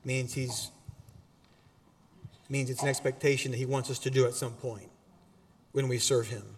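A man preaching a sermon as pastor in a church auditorium, animated and exhorting, with casual asides to the congregation. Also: medium pitch, normal speed, long reverb tail, a little hiss or hum.

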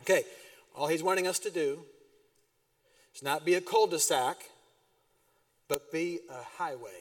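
High-voiced pastor preaching in a church hall. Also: male voice, a little slow. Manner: animated storytelling with sudden loud bursts and drops. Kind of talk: sermon. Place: church sanctuary. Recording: distant mic in a reverberant church hall.

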